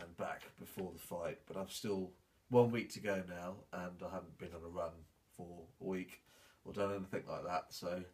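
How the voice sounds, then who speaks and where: Low gravelly man in his thirties. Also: a little mellow, a little hiss or hum. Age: 30s. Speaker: amateur boxer vlogging his training. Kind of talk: casual vlog talk to camera.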